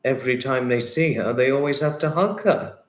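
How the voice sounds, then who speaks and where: A man hosting a livestream, chatting warmly with viewers and reading their comments, effusive and sympathetic, often repeating himself. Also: mid-range voice, fairly quick. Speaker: livestream host. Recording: roomy echo.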